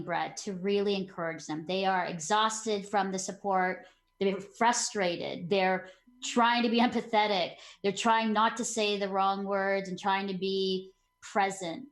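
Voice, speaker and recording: A woman's voice: mid-range voice, echoey room. A woman host leading a panel discussion over a video call, affirming and upbeat.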